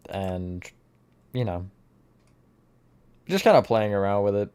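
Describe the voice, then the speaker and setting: Low-voiced man streaming a building game. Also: big pitch swings, takes it slowly, darkish tone, clean tone. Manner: chatty, self-mocking, answers chat mid-task. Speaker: live streamer. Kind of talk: casual live-stream chat while building.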